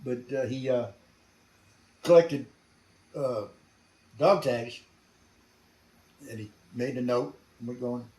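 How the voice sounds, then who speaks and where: A man's voice: mid-range voice, slow, long pauses, darkish tone, distant mic. An older man telling his war experience in an interview, blunt and salty, chuckling as he goes. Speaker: veteran interviewee. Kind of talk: storytelling interview. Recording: roomy sound from off mic.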